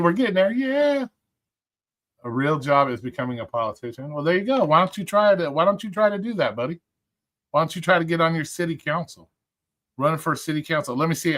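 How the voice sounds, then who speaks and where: A man's voice: fairly high pitch, fairly bright tone. A man hosting a livestream, talking casually and ranting with lots of swearing as he checks his likes and picks videos. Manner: rambling, profane, ranting. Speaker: livestream host.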